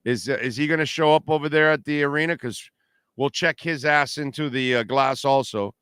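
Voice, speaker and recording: A brash, trash-talking middle-aged man hosts a postgame sports show. His voice is smooth and resonant, and it sounds close and dry with no room around it. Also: a little high, normal speed, fairly bright tone, no echo. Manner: brash, trash-talking, reads sponsor plugs and super chats. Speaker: sports talk show host. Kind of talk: casual postgame livestream talk.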